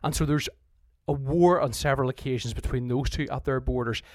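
A man's voice: medium pitch, a little fast, no echo. Man explaining history, dry recording. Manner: conversational, restarts often, acts out quoted leaders. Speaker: history teacher.

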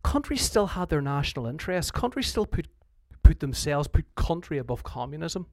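A man's voice: on the high side, very animated, moderate pace, creaky, dry recording. Man explaining history, dry recording. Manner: conversational, restarts often, acts out quoted leaders. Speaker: history teacher.

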